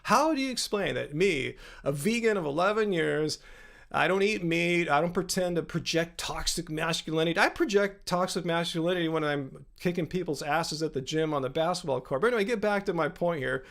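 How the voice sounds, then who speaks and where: A man's voice: fairly high pitch, brisk, creaky, a bit bright. Combative, sarcastic fifties man hosting a live Q&A. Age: 50s. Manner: combative, sarcastic, talks to chat commenters by name; rambling with frequent restarts. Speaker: livestream host. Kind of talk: live Q&A answering chat.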